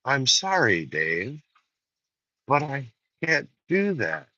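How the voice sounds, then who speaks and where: A man voicing a calm male spaceship supercomputer that refuses requests with slow, measured, cold politeness. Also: mid-range voice, no echo, exaggerated voice. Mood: deadpan. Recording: dull lo-fi sound.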